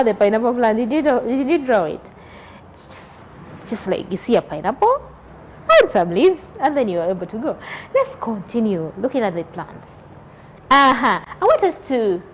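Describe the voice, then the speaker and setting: Animated teacher woman, lively pitch. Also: a little hiss or hum. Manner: questioning, repeats and spells words out. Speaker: primary school teacher. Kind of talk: children's lesson.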